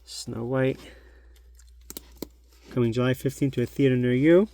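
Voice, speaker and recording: A man's voice: medium pitch, fairly even intonation, a little slow, warm tone. A middle-aged man hosting a collectibles channel, chatting casually and nostalgically as he shows an old magazine at home. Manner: chatty, nostalgic, thinks aloud. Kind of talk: casual show-and-tell narration.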